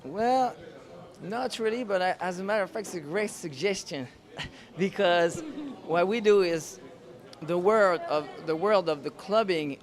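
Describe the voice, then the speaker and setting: A man in his thirties with a French accent and a voice pitched slightly high. He answers interview questions casually and in a friendly way, taking his time to find the right words in English. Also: a little slow. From France. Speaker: singer and pianist.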